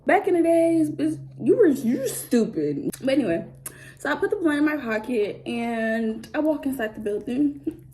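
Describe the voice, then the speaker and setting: A young woman telling a story casually to camera, animated and slangy, swearing often. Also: high voice, moderate pace. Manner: animated storytelling, acts out others' voices. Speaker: vlogger.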